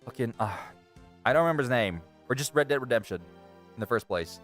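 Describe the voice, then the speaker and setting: A man's voice: mid-range voice, lively intonation, fast, a bit bright, faint music behind. A man streaming a game, chatting casually with profane, rambling asides. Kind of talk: casual let's-play commentary.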